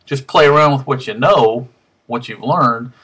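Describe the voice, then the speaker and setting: Slightly out of breath, a man who vlogs about his harmonica hobby talks in an unhurried, medium-pitched voice that's a bit bright with a breathy edge. He rambles with frequent ums and false starts, recorded on a webcam mic in a room at home.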